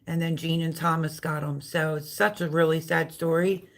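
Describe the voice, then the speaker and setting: Middle-aged lady rambling on her live stream, lowish voice, talks about the dogs and coos at them. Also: little pitch movement, normal speed, creaky. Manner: chatty, rambling, coos baby talk at the dogs. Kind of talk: casual live-stream chat.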